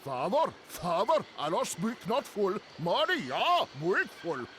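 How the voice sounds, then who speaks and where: A man's voice: high voice, huge pitch swings, takes it slowly, sharp tone, a little hiss or hum, full character voice. A jolly language-mixing bargeman. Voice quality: jumbled words from several languages. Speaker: game character. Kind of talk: video game voice acting.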